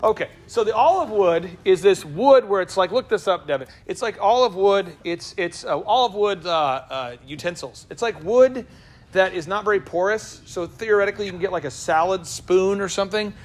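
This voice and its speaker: A man hosting a business talk show, joking and firing quick questions at the people in the room. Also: sits high. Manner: animated, jokey, quick asides to the room. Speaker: business coach and show host. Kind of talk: lively talk to a live room.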